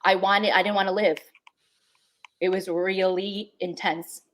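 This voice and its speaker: A woman's voice: mid-range voice, flat delivery, normal speed, fairly bright tone. Young adult woman, podcast co-host, heartfelt and emotional delivery, repeats for emphasis. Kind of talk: heartfelt spiritual podcast chat.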